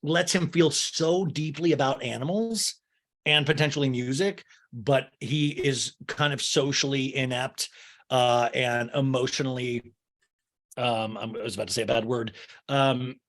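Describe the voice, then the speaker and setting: A man's voice: mid-range voice, steady tone, measured pace, fairly bright tone. A man hosting a podcast, recapping a show in a rambling, jokey way. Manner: rambling, jokey, full of fillers. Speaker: podcast host. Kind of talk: casual comedic recap.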